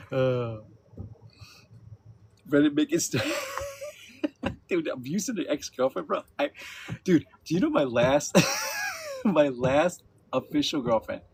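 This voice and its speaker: A man's voice: fairly high pitch, lively intonation, unhurried, vocal fry, long pauses, a little mellow, slight background noise. A man in his fifties hosting a casual livestream chat, laughing often and talking loosely with some swearing. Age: 50s. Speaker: livestream host. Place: at home with his dogs.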